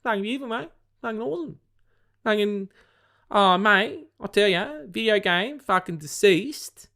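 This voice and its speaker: A man's voice: high-pitched, lively intonation, normal speed, voice pushed up, full character voice. A man putting on an exaggerated rowdy Australian bloke with a broad Australian accent, swearing and calling everyone mate. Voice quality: loud, swearing, drawling "mate".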